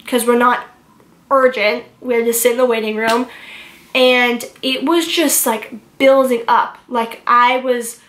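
Young woman doing a storytime vlog, kinda high voice, lots of "like", echoey room. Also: steady tone, a bit bright. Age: young adult. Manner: emotional, rushed retelling full of "like" fillers. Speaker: vlogger. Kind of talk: personal storytime to camera.

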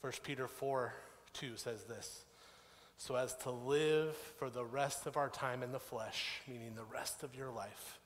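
A man in his thirties preaching a sermon, telling a personal story in a conversational, animated way. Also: medium pitch, unhurried. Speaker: pastor. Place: church sanctuary. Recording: long church hall reverb.

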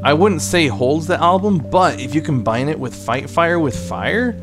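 A man's voice: fairly high pitch, expressive, normal speed, music in the background. A man playing a video game and chatting casually, rambling between his own remarks and the game. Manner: rambling, chatty, mock Russian accent at times. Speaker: gaming streamer. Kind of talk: let's play commentary.

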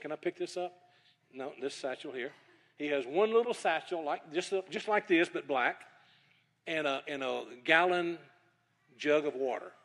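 A middle-aged male preacher speaking at a church evening service. He tells a funny anecdote as a lively storyteller and keeps insisting that it is a true story. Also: a little high.

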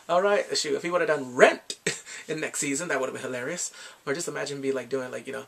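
A man casually recapping a TV episode, lively and excitable, often jumping into playful voices for the characters. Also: mid-range voice, quick pace, vocal fry, breathy edge. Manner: animated, bursts into shouts and playful quoted voices. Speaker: TV episode reviewer.

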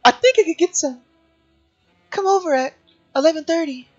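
A man reading a young woman's phone lines in a game, flat and halting, in nearly his own voice. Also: extremely high pitch, muffled recording, soft background music, pitched above the performer's own voice. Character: young woman phoning a friend.

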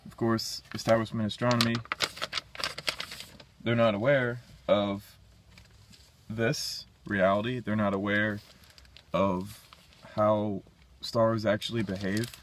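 A man's voice: lowish voice, level tone, takes it slowly, long pauses, slight background noise. A man talking alone in a casual monologue, blunt and dismissive, thinking aloud and restarting his sentences. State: burping. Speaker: independent science commentator.

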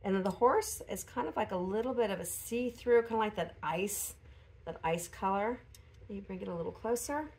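A woman vlogger chatting casually at home while unboxing a gift, pausing and laughing softly, still recovering from an illness. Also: mid-range voice, a little hiss or hum. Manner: chatty, hesitant, frequent small laughs. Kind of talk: casual chat.

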